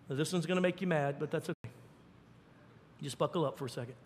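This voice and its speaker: A male pastor preaching a sermon with animated, folksy storytelling and fervent emphasis. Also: fairly high pitch, fast, pauses often, in a large hall, a little hiss or hum.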